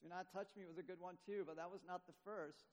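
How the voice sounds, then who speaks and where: A man preaching a sermon, quizzing his congregation with rhetorical questions and swinging between hushed and loud delivery. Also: high voice, fairly even intonation, quick pace. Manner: rhetorical questions to the congregation, dramatic shifts in volume. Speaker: pastor. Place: church sanctuary. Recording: long hall reverb.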